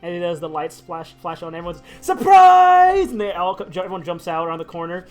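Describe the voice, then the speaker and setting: A man's voice: on the high side, little pitch movement, racing. A man narrating a tabletop role-play game as game master, casual and chatty, often laughing and restarting his sentences.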